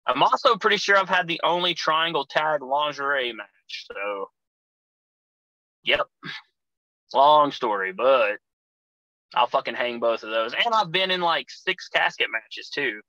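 A wrestler tells his stories, swearing freely and turning loud when he acts out his own past shouting. His voice is bright, tense and a little high for a man. The sound is dry and close. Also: measured pace, pauses often, dry recording, highs cut off. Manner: profane, animated storyteller, acts out shouting in quotes. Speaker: professional wrestler guest. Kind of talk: casual storytelling chat.

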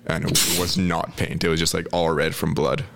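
A man co-hosting a podcast, laid-back and quick to laugh while telling stories. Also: rumbling low, little pitch movement, gravelly, a bit bright. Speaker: podcast co-host. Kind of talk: casual chat and storytelling.

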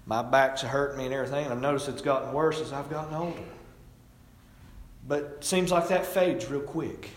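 A man's voice: medium pitch, steady tone, fairly quick, a little hiss or hum. A middle-aged man preaching a sermon, telling folksy stories with rising and falling emphasis. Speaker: pastor. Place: church sanctuary. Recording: echoey hall, distant mic.

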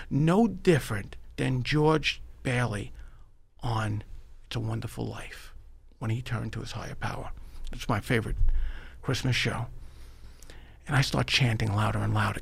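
A middle-aged man from New York with a New York accent, a podcast guest telling his life story in an animated, emphatic way. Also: medium pitch, normal speed, vocal fry, slightly rough. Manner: animated, emphatic, addresses the host by name. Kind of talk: storytelling in a conversational interview.

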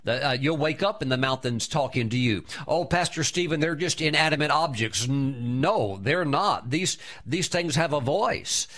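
A pastor delivers a sermon in a slightly higher-pitched voice. His delivery is emphatic, and he climbs in pitch and volume whenever he acts out bold spoken commands. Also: lively intonation, normal speed, hardly any pauses. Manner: emphatic preaching, commands spoken loudly in quoted prayers.

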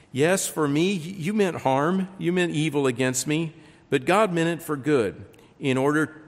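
A man preaching a sermon, reading scripture aloud with lively emphasis and frequent repeated words. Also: mid-range voice. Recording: long reverb.

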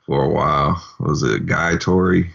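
A man's voice: a bass voice, unhurried, vocal fry, fairly bright tone, lo-fi sound. A man co-hosting a podcast in casual movie chat, laid-back with dry remarks. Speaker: podcast co-host.

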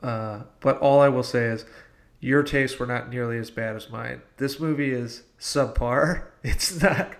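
A man co-hosting a podcast in casual chat, cracking deadpan jokes. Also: medium pitch, measured pace. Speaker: podcast co-host.

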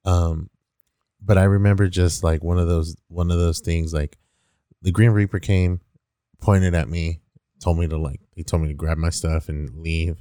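Young male co-host, very low and mellow voice, dry close sound, loose rambling storyteller. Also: little pitch movement, normal speed, no room sound. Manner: rambling storyteller, laughs often, many "like" fillers. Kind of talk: casual chat.

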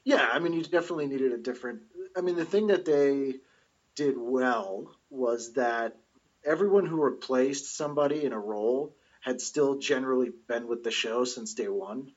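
A man co-hosting a casual chat, calmly explaining details and trivia. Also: mid-range voice, normal speed, breathy edge, highs cut off.

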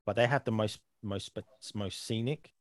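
A man's voice: fairly low pitch, normal speed, no room sound. Rambling young Englishman, dry sound. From England. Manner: rambling, repeats words, laughs at his own stories. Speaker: podcast co-host. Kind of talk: casual chat.

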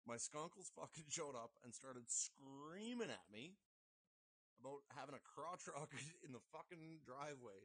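A man's voice: medium pitch, expressive, normal speed, a bit bright, slightly rough, dry recording. Foul-mouthed laughing man, dry close mic. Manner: profane, laughing anecdotes. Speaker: podcast guest. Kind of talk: casual storytelling chat.

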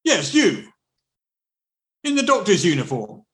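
A woman's voice: lowish voice, huge pitch swings, measured pace, voice pushed up. A man voicing a harsh, boastful female villain duchess with an edge to her voice in a tabletop game. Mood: mocking. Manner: taunting, grandiose boasting. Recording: roomy echo, faint music.

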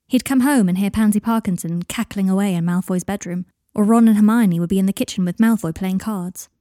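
A woman narrating a fan fiction story in an even, gentle storytelling manner. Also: medium pitch, no room sound, clean studio sound. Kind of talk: fan fiction audiobook reading.

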